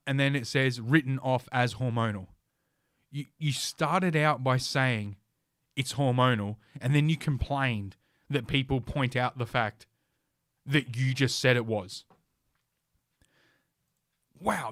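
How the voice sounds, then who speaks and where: A man's voice: mid-range voice, fairly bright tone, dry recording, studio quality. A man hosting a podcast, ranting with scorn and heavy swearing while reading an article aloud. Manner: profane, scornful, sarcastic. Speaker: podcast host. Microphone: podcast mic.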